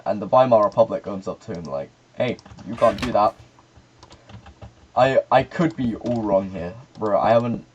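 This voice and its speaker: A man's voice: fairly low pitch, darkish tone, highs cut off, a little hiss or hum. A man rambling through a casual, sweary history explanation while getting distracted by the game he is playing. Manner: loose and offhand, trails off.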